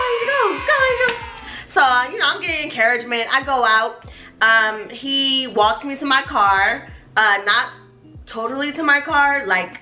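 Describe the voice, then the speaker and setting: Young woman vlogger, bright animated storyteller, swears freely, light music under her. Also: fairly high pitch, echoey room. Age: young adult. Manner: animated, cursing, acts out voices. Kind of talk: storytime vlog.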